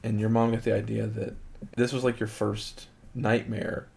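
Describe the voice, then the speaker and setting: A middle-aged man, a father, talking with his child in a relaxed, chatty way, often saying "like". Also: on the low side, normal speed, gravelly. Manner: relaxed, chatty, heavy use of "like". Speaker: father and show co-host. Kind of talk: casual family chat.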